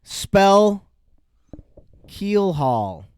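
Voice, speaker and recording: Playful, lively podcast host. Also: medium pitch, smooth, no echo. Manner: playful, drawn-out quizzing. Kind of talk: casual podcast banter.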